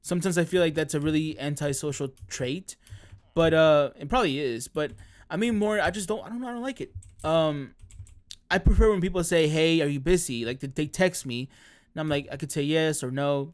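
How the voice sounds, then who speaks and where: A man's voice: a little high, brisk, clean tone. A man streaming, chatting casually in a rambling way, often correcting himself and laughing mid-sentence. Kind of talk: casual chat.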